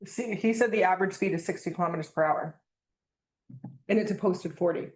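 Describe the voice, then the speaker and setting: A woman's voice: lowish voice, a little mellow. Earnest woman councillor in a roomy chamber. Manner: earnest, restarts, hurried questions. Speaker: council member. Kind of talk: council meeting discussion. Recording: roomy meeting-room sound.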